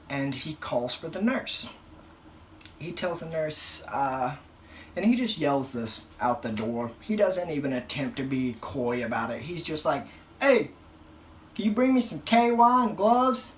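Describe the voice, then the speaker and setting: A young man doing a stand-up comedy routine, telling a crude, profane story with animated outbursts. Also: medium pitch, slight background noise.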